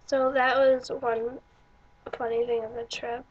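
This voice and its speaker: A woman's voice: on the high side, a bit bright, a little hiss or hum, poor audio. A young woman vlogger telling stories casually, rambling with many fillers and restarts. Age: young adult. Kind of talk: casual storytelling vlog.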